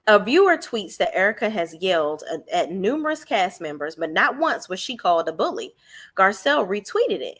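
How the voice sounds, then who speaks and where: A woman talks straight to her viewers, recapping reality TV. She is sassy and profane and mocks the cast without holding back. Her pitch leaps around with a lot of life. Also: a bit bright. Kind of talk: unscripted live recap.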